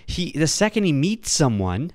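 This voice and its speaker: A man's voice: fairly high pitch, sing-song, moderate pace, a little mellow, no room sound, clean studio sound. A man hosting a solo podcast, talking casually over clips, sarcastic and rambling, with playful mock-earnest asides. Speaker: podcast host.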